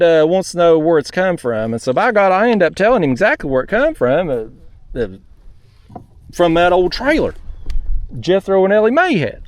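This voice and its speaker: A man hosts a fishing vlog from his kayak, ranting through a story with plenty of cussing. His voice sits fairly high and swings widely in pitch, and the sound is dry and close. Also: dry recording. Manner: fired-up, profane, ranting. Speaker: fishing channel host.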